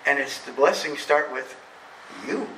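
A middle-aged man preaching a sermon as pastor, emphatic, swinging between loud preaching and soft confiding. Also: a little high, measured pace, recorded from a distance, slight background noise. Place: church sanctuary. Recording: echoey church hall from off-mic.

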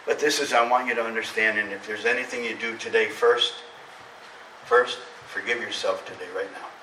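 A middle-aged man preaching a sermon as pastor, emphatic, swinging between loud preaching and soft confiding. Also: lowish voice, steady tone, a little fast, recorded from a distance, slight background noise. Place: church sanctuary. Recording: echoey church hall from off-mic.

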